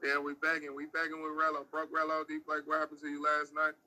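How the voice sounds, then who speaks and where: A man from the United States chats on a phone livestream from a spot near an airport. His voice sits a bit high and very bright, with a sharp, cutting edge. He rambles and swears, sounding exasperated the whole way through. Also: completely flat delivery, fast, poor audio. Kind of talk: casual livestream chat.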